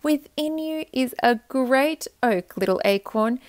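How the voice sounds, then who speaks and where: A woman voicing a gentle, loving mother oak tree with a soft, reassuring voice. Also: sits high, animated, slow pace, dry recording, voice pushed up. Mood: tender.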